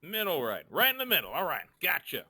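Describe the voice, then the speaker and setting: A man steering a tabletop game with a bright, bouncy voice that rises and falls all over. He teases his players playfully and sings out his lines, recorded close and dry. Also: fairly high pitch, huge pitch swings, quick pace, husky, no room sound. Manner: playful, teasing, sing-song. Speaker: game master. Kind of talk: running a tabletop game session.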